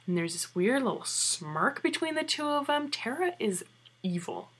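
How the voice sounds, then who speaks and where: A woman giving a chatty, excited recap of a TV episode and asking her viewers questions. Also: high-pitched, moderate pace, breathy edge.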